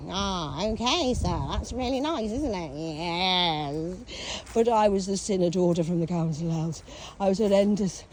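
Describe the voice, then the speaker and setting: A fairly low-pitched, unhurried woman's voice comes through with a little hiss or hum. She's from England and tells her life story in a casual monologue, theatrically and sardonically, swearing, doing voices, singing and poking fun at herself.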